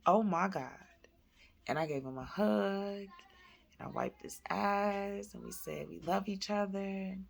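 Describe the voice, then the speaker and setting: A woman, chatting with viewers at home in a casual faith-based vlog, animated and calling them y'all. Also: mid-range voice, a little slow, vocal fry. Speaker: vlogger, mother. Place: at home, indoors.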